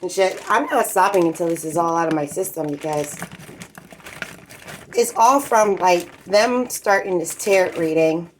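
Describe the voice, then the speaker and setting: A woman's voice: fairly low pitch, unhurried, slight background noise, rough recording. A woman in a rambling, agitated and profane casual vlog rant, talking at home in her apartment while cooking.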